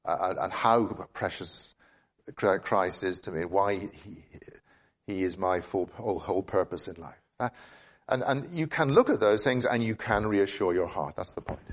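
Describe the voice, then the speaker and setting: Earnest male preacher, halting repeats. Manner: earnest, repeats words while thinking aloud; pitch jumps up for emphasis. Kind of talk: expository sermon.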